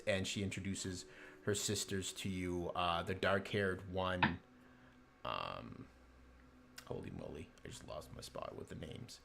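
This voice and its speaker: Low-voiced man narrating a tabletop game. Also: lively intonation, vocal fry, fairly bright tone. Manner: halting narration with many fillers. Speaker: game master.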